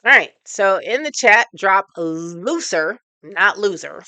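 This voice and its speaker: A woman coach leading an online workshop, encouraging participants and counting slowly through breathing and muscle relaxation exercises. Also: medium pitch, animated, sharp tone, no room sound. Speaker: emotional intelligence coach.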